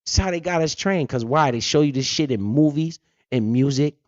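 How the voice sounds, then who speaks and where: A man talks on his own livestream, slightly high-voiced and worked up, swearing freely and firing off questions he answers himself. The sound is dry and close, with the dull, muffled tone of lo-fi stream audio. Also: moderate pace, no room sound. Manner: profane, blunt, fired-up, asks and answers his own questions. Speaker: finance livestream host. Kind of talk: casual explanatory livestream talk.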